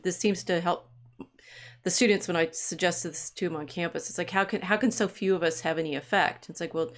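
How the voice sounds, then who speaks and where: A woman with a somewhat low voice, co-hosting a podcast. She talks casually and earnestly, working her way toward each point as she speaks. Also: brisk. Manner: earnest, searching phrasing. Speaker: podcast co-host. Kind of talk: casual conversation.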